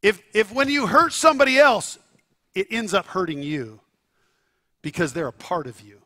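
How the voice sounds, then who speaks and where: A man preaches with a high, bright voice that cuts through. He tells stories with animated asides to the congregation, checking in as he goes and now and then breaking into a shout. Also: normal speed. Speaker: pastor. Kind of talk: sermon.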